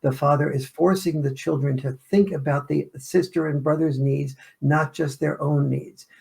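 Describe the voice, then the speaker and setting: A man's voice: on the high side, steady tone, normal speed, creaky, a little mellow. A man, an author and interview guest, explaining his ideas and acting out family scenes as examples. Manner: explanatory, illustrates points with acted-out family scenes. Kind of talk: interview answers.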